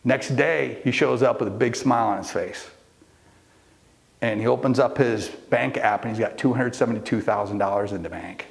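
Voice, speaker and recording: A middle-aged male coach with a gravelly, rough edge to his mid-range voice. He tells a story to a live group, stumbling through restarts and fillers. He jumps into the voices of the people in his story. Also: mid-range voice, moderate pace. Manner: storytelling, acts out quoted people. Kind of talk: motivational talk to a live group.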